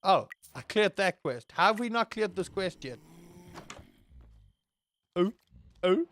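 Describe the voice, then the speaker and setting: Young guy yelling n swearing at his game, kinda high voice, slowish talk. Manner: excitable, yelling and swearing at enemies. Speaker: gaming channel host. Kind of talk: let's play commentary.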